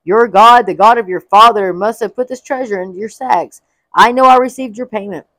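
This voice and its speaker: A woman voicing a calm, reassuring male household manager in a soothing way, as she reads a Bible story aloud. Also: medium pitch, fairly quick, no room sound, natural voice, low-quality recording.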